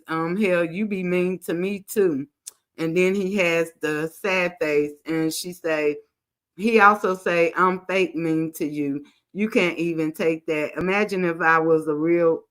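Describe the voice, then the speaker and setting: A woman with a slightly low voice reads private messages aloud for her channel. She stops often to add her own blunt, casual remarks. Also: a bit bright. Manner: reads texts aloud with side remarks, African American Vernacular English grammar. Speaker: commentary channel host.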